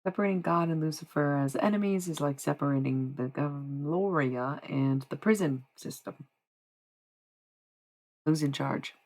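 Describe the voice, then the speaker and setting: A live streamer chatting casually with viewers, swearing and laughing freely, and reading spiritual passages aloud slowly and deliberately. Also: mid-range voice, darkish tone, low-quality recording.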